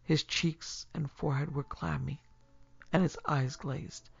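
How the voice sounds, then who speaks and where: A man narrating a story in a steady, measured reading voice, with a gravelly quality. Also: fairly high pitch, no room sound. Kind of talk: scripted audiobook narration. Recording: slightly muffled with faint music.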